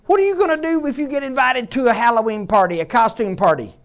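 A man preaching a sermon in a conversational way, quizzing the congregation and dropping to a hush on tender points. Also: extremely high pitch, fast. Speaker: pastor.

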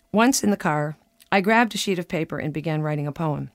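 A woman in her fifties reading her own humorous personal essay aloud on the radio, telling it with a wry, animated lilt. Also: deep voice, fairly quick, dry recording, studio quality. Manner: wry, animated storytelling with lively voiced quotes.

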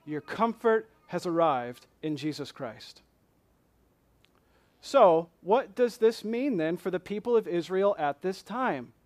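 High-voiced man preaching a sermon. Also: slow pace. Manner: animated, voicing questions with rising intensity. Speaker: pastor.

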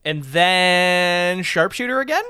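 Lively, smooth-voiced tabletop player. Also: mid-range voice, slow, no room sound, studio quality. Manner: excitable about dice rolls, thinks aloud with "um". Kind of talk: casual tabletop game chat.

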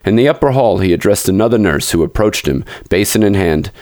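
Low-voiced man narrating a classic tale. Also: lively intonation, a little fast, darkish tone, no room sound, studio quality. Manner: dramatic, addresses listeners directly. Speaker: podcast storyteller. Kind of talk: scripted narration of a classic story.

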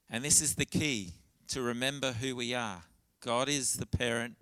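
Male pastor, mid pitch, earnest sermon delivery with faint instrumental music under it. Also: steady tone, moderate pace, few pauses, sharp tone, no echo. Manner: earnest, candid preaching with frequent restarts. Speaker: preacher.

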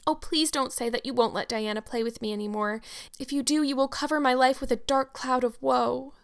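A woman's voice: sits high, fairly even intonation, fairly quick, clean tone, voice pushed up. A woman reading an audiobook and voicing an eleven-year-old orphan girl who speaks in a flowery, dramatic way. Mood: imploring. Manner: breathless, flowery, pleading.

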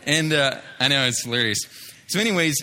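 A man's voice: medium pitch, lively intonation, a little fast, pushed and bright. A man telling a story from street ministry, with many fillers and restarts, acting out what others said. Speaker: street evangelist telling a testimony. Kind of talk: spoken testimony story.

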